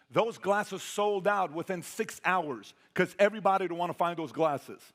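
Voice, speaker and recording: A man's voice: high voice, fairly bright tone. A man giving a motivational talk over video clips, emphatic and repeating questions to his audience. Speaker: motivational speaker. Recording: long hall reverb.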